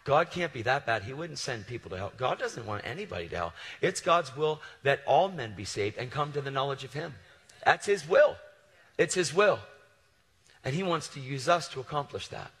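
Lively preacher man with a bright edge. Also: medium pitch, moderate pace, big-room sound. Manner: casual and animated, slangy asides. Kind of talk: storytelling sermon.

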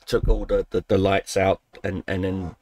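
Low-voiced man telling a profane story. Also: level tone, normal speed, noisy background. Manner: profane, rambling, self-correcting. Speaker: gaming channel host. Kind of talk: casual storytelling. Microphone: desk microphone he keeps bumping.

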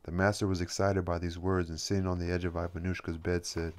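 Deep, flat-voiced man reading aloud. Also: fast, a little hiss or hum. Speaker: audiobook reader. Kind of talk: reading a novel aloud, then commenting.

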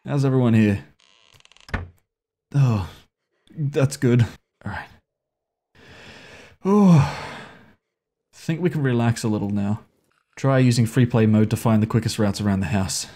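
This gaming video host narrates a horror game with obvious nerves, swearing frequently while coaxing and scolding the characters; startles send his voice shooting up. He has a mellow, mid-range voice, a measured pace, and long pauses.

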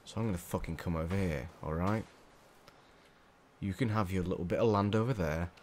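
A young English man with a low voice talks through a survival game, swearing and muttering in panic. A faint hum sits behind him. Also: a little fast, a little mellow. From England. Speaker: gamer. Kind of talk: let's play commentary. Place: small hot room at home.

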